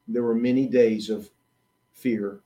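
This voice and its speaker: A man preaching a sermon, emphatic, swinging between loud declarations and hushed asides, and acting out quoted prayers and questions. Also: mid-range voice, fairly even intonation, takes it slowly.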